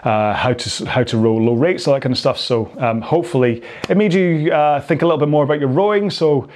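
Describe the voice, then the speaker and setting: A man's voice: mid-range voice, fairly quick, a little mellow. A man with a Scottish accent, talking casually as a rowing coach at the end of a workout, rambling and chatty and laughing easily.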